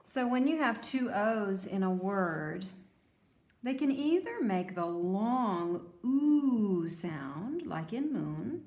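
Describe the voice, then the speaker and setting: A woman teacher leading a children's phonics lesson, prompting young learners in a slow, sing-song way and drawing out the sounds. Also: medium pitch, roomy sound. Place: room with table.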